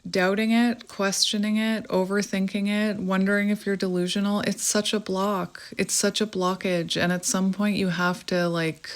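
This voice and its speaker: A woman in her thirties with a Canadian accent, giving a reflective, meandering spiritual tarot reading to her viewers. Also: medium pitch. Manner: gentle, reflective, meandering with fillers. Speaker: tarot reader.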